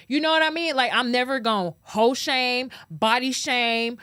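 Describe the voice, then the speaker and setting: Woman podcast host going off on a rant, kinda high voice, dry close sound, laughs a lot. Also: moderate pace, few pauses, clear, resonant tone, no room sound. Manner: animated, laughs often, swears freely; talks straight to viewers as "y'all". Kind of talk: casual opinion rant to camera.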